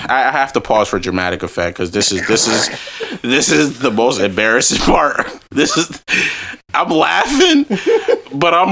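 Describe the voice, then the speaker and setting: A young man hosting a podcast, telling a story in casual chat, animated and profane, often breaking into laughs. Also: medium pitch. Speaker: podcast host.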